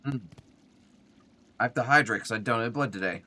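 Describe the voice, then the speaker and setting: A young man streams a game in a bright, forceful, medium-pitched voice, speaking a little fast. Though he chats casually, reads chat out loud and mutters to himself as he plays, he's yawning and sounds tired.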